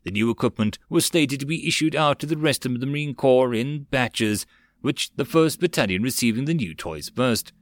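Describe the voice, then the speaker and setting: A man reading a web novel audiobook in a steady, plain storytelling voice. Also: medium pitch, normal speed, no echo. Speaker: audiobook narrator.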